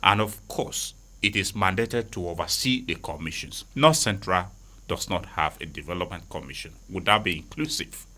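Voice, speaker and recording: A Nigerian man hosting a call-in current affairs show, brisk and polite with callers. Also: low voice, pushed and bright. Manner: brisk, polite, laughs easily. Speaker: host.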